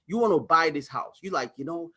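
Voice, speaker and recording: A financial coach whose voice is high and slightly rough explains a money diagram on his shared screen. Speaking animatedly with plenty of exclamations, he drops into quick role-played exchanges with a bank and a spouse, his tone that of a coach pitching advice.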